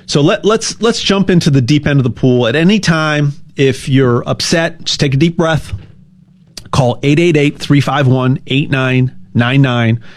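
A man giving a casual, rambling sales pitch, stumbling over repeated words and cracking jokes. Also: measured pace. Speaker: gold sales ad host.

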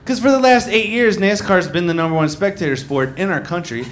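A man performing a stand-up comedy set, acting out characters in loud bursts. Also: sits high, fairly quick. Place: comedy club stage with live audience. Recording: live audience recording with crowd noise.

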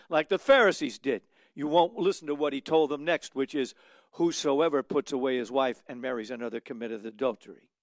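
A man preaching a radio sermon, telling a story, dropping to a hush and then rising to emphatic points. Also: on the high side, dry recording, clean studio sound. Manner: storytelling, swinging from hushed to emphatic.

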